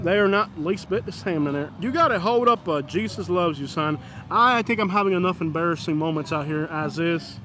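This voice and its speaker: A man's voice: high-pitched, fairly quick, bright, forceful tone, slight background noise. A man live-streaming outdoors on a busy street, joking with chat and mock-scolding passing drivers. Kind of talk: live-stream vlog, commenting on passers-by.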